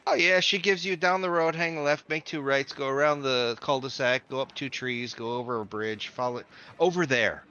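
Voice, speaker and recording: Bright-voiced male game master. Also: medium pitch, moderate pace, clear, resonant tone. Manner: rambling, joking, lots of restarts. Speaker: dungeon master. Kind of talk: running a tabletop game. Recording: dull lo-fi audio.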